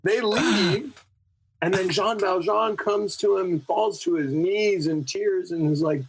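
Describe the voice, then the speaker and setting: A man who is a podcast guest, telling stories in an animated, spiritual way with many fillers, in casual conversation. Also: high voice, measured pace, a little hiss or hum, rough recording.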